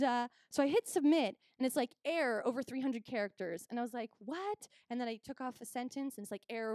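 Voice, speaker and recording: Woman, young, from Canada, stand-up comedian, higher voice, animated storytelling, dry close sound. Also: dry recording. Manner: animated storytelling, acts out both sides of conversations.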